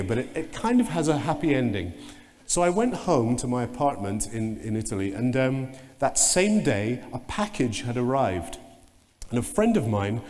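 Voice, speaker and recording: A man giving a conference keynote talk, telling anecdotes in an animated way and mimicking sounds and voices. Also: medium pitch. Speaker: keynote speaker. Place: large conference hall. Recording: long reverb of a conference hall.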